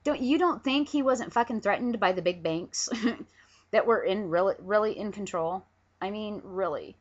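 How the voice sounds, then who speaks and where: A woman's voice: mid-range voice, moderate pace. A woman angrily ranting into a webcam at home, profane and emphatic. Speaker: vlogger. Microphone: camera on a pillow. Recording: dull lo-fi webcam audio.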